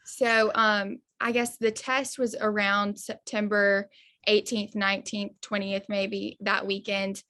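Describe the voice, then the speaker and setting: A woman's voice: medium pitch, flat delivery, slow, a bit bright. A young woman, earnestly telling her story step by step as a podcast guest. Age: 20s. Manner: earnest, retelling events step by step.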